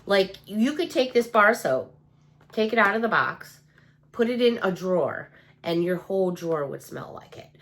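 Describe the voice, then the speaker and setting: In a casual show-and-tell haul video, a middle-aged Chicago woman raves about the cute things she bought and puts questions to her audience. She speaks at a moderate pace in a very animated, mid-range voice. She's still congested, with her sense of smell not completely back.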